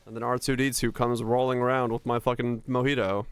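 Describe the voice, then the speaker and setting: A man's voice: mid-range voice, fast, few pauses, smooth, no room sound. A young man live-streaming from home, ranting in an easygoing, profane way to his viewers. His voice sits mid-range and comes across close and dry, with no room sound around it. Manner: ranting, swears freely, chats with viewers. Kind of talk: casual live-stream chat.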